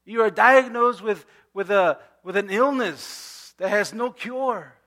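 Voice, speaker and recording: Bright-voiced middle-aged pastor preaching casually. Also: male voice, high voice, slow. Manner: conversational, many asides and restarts. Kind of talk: sermon.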